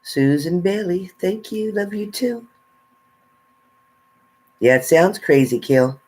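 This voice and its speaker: A man's voice: high-pitched, expressive, darkish tone. A man on a tarot live stream, casually reading out viewer names and answering comments with sass. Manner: slow, sassy, reads out viewer names.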